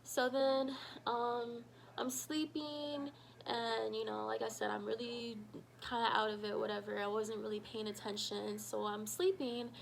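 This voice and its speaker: A woman telling a personal story in a casual vlog, animated and full of fillers, acting out what people said. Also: fairly high pitch, unhurried, vocal fry, a little hiss or hum, rough recording. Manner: animated, shouts quoted lines, many fillers. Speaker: storytime vlogger.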